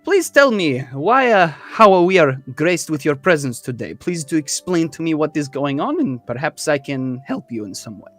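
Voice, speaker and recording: A man's voice: a little high, big pitch swings, moderate pace, hardly any pauses, a bit bright, soft background music. A man voicing a gracious, effusive host who welcomes guests into his tent with a courteous, repeating manner. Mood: welcoming.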